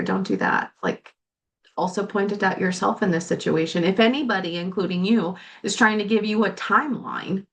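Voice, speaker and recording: A woman hosting a coaching podcast and talking to the listener about grief, candid and swearing freely, at times close to tears. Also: mid-range voice. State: tearful at times. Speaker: life coach and podcast host. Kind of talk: solo podcast monologue.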